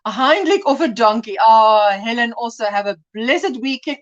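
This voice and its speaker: A woman's voice: on the high side, lively intonation, moderate pace, dull audio. A woman hosting a casual crochet livestream, chatting, reading out viewer comments and laughing often.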